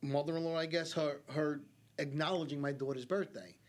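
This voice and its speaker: A middle-aged man with a voice pitched a little high talks in a community TV studio. He tells his stories in a loose, animated way, peppered with "like" and "okay?". It sounds like a guest in a casual sit-down interview. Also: a little fast. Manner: animated storyteller, many fillers like 'like' and 'okay?'. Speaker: guest psychic medium.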